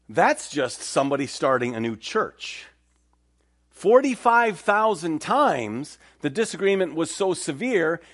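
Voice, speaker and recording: A man's voice: fairly high pitch, a bit bright. A man preaching a sermon in church as pastor, telling stories and acting out the voices he quotes.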